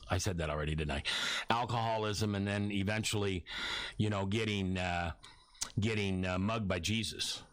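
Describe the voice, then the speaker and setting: A man's voice: fairly low pitch, a bit bright, dry recording. A man and radio host telling a long personal story in casual chat, rambling, restarting, and acting out what others said to him. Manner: rambling, self-interrupting storyteller who acts out quotes. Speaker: radio host talking about his book.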